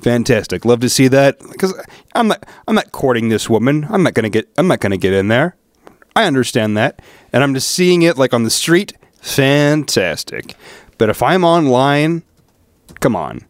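A man's voice: mid-range voice, sing-song, moderate pace, no echo, studio quality. Wry male podcast co-host. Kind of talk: crude casual banter.

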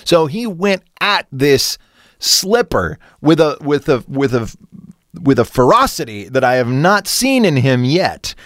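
This is a man co-hosting a comedy podcast, spinning a crude anecdote in an easy conversational way. He gets animated and swears freely, his voice sitting at an average pitch. The sound is close and dry, with no room around it. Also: measured pace, dry recording. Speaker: podcast co-host. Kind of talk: casual comedic storytelling.

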